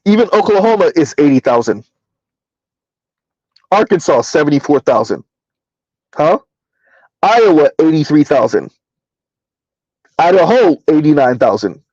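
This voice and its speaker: A man hosting a casual livestream, reading numbers aloud and answering his chat in a relaxed, chatty way. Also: fairly high pitch, a little slow, long pauses, dry recording, muffled recording. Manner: casual, chatty, addresses listeners as y'all. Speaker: livestream host.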